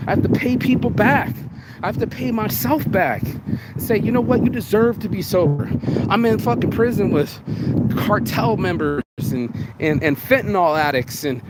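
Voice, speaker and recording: A man giving a blunt, profane, emotional motivational monologue outdoors in the rain. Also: sits high. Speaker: vlogger. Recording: noisy outdoor street recording. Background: rain and passing traffic.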